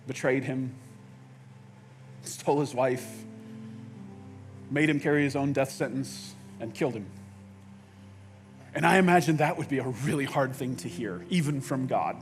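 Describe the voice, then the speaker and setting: A man preaching a sermon in a conversational way, with halting restarts, dropping to quiet intensity and rising to loud outbursts. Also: mid-range voice, faint music behind. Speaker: pastor. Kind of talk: sermon with acted-out quotes.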